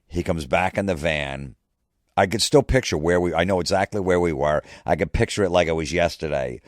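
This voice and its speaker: Deep-voiced man telling a profane comic story. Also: fairly quick, no echo, clean studio sound. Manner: casual, profane, rambling. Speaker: comedian podcast host. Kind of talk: comedic storytelling.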